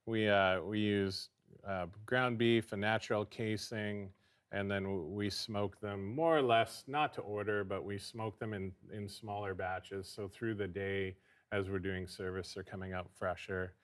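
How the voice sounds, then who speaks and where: Relaxed low-voiced chef with smooth tone. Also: male voice, a little slow. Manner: relaxed, hesitant with frequent ums. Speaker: barbecue chef guest. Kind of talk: casual explanatory chat.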